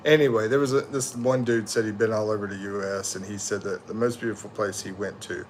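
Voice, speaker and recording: Brisk and steady in tone, his fairly low voice carries over slight background noise. The tired, middle-aged American livestream host reads through viewer comments in casual, rambling, slangy chat, often correcting himself.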